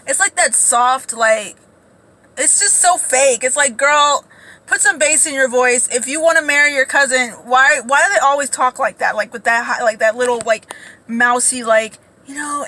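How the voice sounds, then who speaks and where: A woman ranting casually as a commentator, blunt, profane and animated. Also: sits high, normal speed, slight background noise, rough recording. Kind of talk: casual reaction rant.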